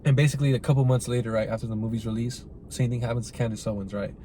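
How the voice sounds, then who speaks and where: A man's voice: medium pitch, fairly even intonation, racing, warm tone, slight background noise. A man hosting a podcast, giving a casual, rambling film review full of swearing and "like" and "right?". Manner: rambling and profane, heavy use of "like" and "right?".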